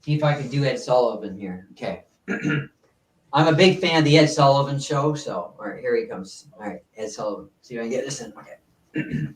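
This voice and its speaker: A man guesting on a livestream, chatting casually in a halting way. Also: medium pitch, expressive. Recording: roomy, away from the mic.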